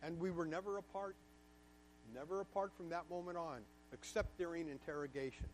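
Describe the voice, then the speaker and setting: High-voiced man telling his story emphatically. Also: fairly even intonation, a little fast, slight background noise. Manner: emphatic, candid, repeats words for stress. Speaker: guest speaker to a class. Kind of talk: personal storytelling lecture.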